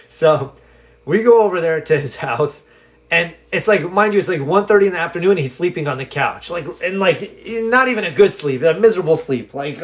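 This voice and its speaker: A man hosting a live stream responds to viewer questions with an animated story, mimicking the voices of those involved. He's talkative and loose, full of fillers and restarts. His voice is on the high side, and he speaks a little fast.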